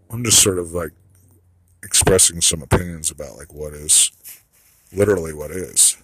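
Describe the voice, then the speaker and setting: A man's voice: extremely low pitch, a little fast, a bit bright, slightly rough, dry recording, low-quality recording. A man delivering a rambling solo monologue, blunt and profane, trailing off into asides.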